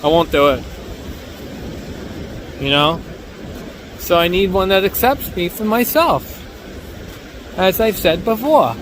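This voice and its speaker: A man's voice: high voice, slow pace, pauses often, slight background noise. A man with a New York accent talking in a rambling, boastful, joking vlog monologue outdoors near a beach. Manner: boastful, joking, self-mocking, animated. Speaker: bodyboarding vlogger.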